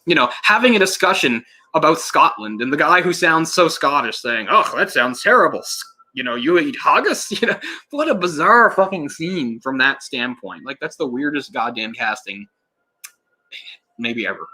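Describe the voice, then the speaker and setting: A man talks loosely over a movie in an offhand commentary, wandering between thoughts and correcting himself as he goes. His voice has a bright, forward edge at a mid pitch. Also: expressive, moderate pace. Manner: rambling, self-correcting, laughs and swears in passing. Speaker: film commentator.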